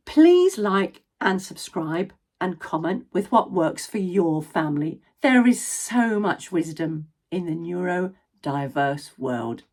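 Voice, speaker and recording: A woman in her sixties, an ADHD and education coach and former drama teacher, giving parents practical advice in an expressive instructional talk. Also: lowish voice, takes it slowly. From Scotland. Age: 60s.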